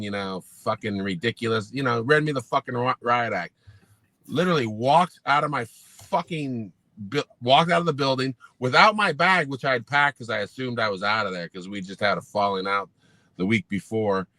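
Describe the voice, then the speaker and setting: Man, fifties, bright voice, dry close sound, blunt, profane, animated storyteller. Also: mid-range voice, brisk, no room sound. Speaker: podcast co-host, former pro football player.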